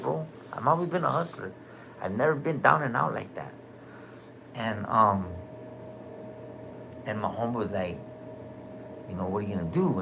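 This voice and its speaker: A middle-aged man with a gravelly, fairly low voice and a bright, forceful edge speaks candidly in street slang. Faint room ambience sits behind him. His talk is loose and unscripted, full of "bro" and swearing. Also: noisy background. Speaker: guest telling his life story. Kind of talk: casual recorded conversation. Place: hospital room.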